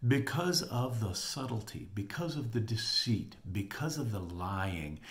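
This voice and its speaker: A man's voice: on the low side, expressive, unhurried, a bit bright. A man giving a Bible lesson, retelling the story with animation and reading scripture aloud. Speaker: Bible teacher. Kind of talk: Bible teaching.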